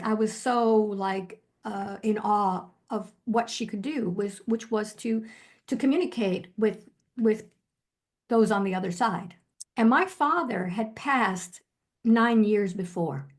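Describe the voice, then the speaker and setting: An older woman, a hypnotherapist, telling a personal story in an interview in an animated way, quoting herself and using many fillers. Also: medium pitch, measured pace. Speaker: hypnotherapist guest.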